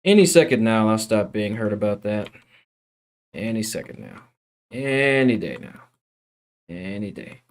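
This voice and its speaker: A young man streaming, chatting casually, rambling, swearing freely and drifting between loud bursts and mutters. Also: lowish voice, big pitch swings, a little slow, pauses often. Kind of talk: casual livestream chat.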